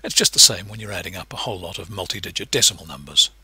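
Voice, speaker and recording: A man's voice: rapid-fire, breathy edge, no echo. A man giving a recorded lecture, explaining patiently step by step. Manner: patient, explanatory, lively pitch shifts.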